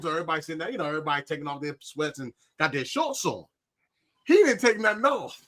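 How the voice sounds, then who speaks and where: A man co-hosting a podcast, telling stories in casual chat, animated and laughing as he acts out what people said. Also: on the high side, fast talker. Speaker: podcast co-host.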